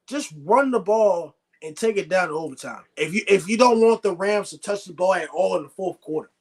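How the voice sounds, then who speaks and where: Young male streamer, high-pitched, excitable, argumentative live watch-along commentary. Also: brisk, hardly any pauses. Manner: excitable, argumentative, reads chat aloud.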